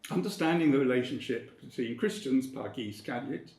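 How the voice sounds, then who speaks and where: Man, lecturer, mid-pitched voice, deliberate and emphatic, roomy hall sound. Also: darkish tone. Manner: measured, precise, emphatic. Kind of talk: academic lecture.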